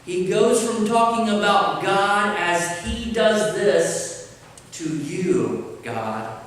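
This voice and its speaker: A man preaching a sermon, slow and deliberate with pauses, in a church sanctuary. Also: high voice, lively intonation, a bit bright. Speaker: pastor. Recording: roomy church hall, mic at a distance, faint ambience.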